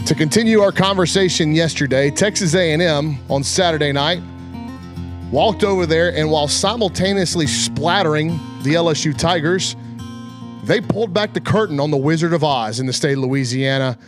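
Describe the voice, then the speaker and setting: A man's voice: on the high side, moderate pace, soft background music. A male radio host opening a sports talk show, chatty and emphatic.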